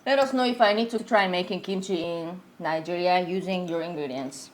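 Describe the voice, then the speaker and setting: A woman's voice: on the low side, a little fast, slight background noise. A woman from Korea with a Korean accent, speaking English as a second language as she co-hosts a casual cooking vlog, earnest and encouraging. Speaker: vlog co-host, cook.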